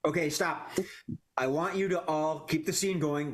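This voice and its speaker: A man's voice: fairly high pitch, fairly even intonation, a little slow. A man hosting an online improv comedy show, announcing games and scene prompts in a jokey way. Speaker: improv game host.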